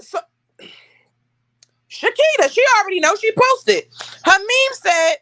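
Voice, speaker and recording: A young woman hosting a casual chat, telling stories with animated, acted-out quotes. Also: very high-pitched, measured pace, pauses often, no room sound. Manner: animated storytelling, acting out quotes. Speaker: podcast host.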